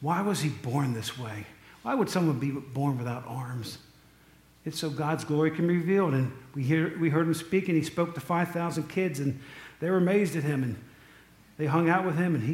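A man delivering a relaxed, chatty sermon in a somewhat higher voice, tossing jokey asides to the congregation. His voice rings out in an echoey room, as from a church hall. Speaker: pastor. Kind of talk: casual sermon.

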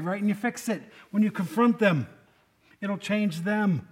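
A male pastor preaching to his congregation in a high, light voice. He keeps the sermon conversational, throwing questions at the listeners and slipping in wry, joking asides. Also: unhurried.

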